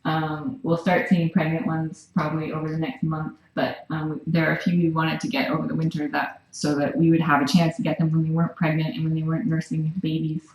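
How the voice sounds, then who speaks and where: A woman working at a cat rescue, talking casually to a live stream camera and softly cooing and whispering to a cat. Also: deep voice, completely flat delivery, a little fast, hardly any pauses, highs cut off. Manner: soft, cooing baby talk to a cat, often whispered. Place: small room in a cat rescue shelter. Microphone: room camera mic from across the room. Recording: echoey room, voice from far off. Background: faint room noise and cats.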